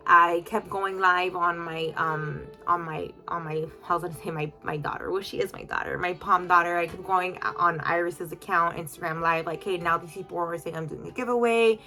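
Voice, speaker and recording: A woman's voice: fairly low pitch, steady tone, normal speed, few pauses, bright, forceful tone, faint music behind. A woman telling an emotional storytime vlog to her followers in a chatty, filler-heavy way. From United States.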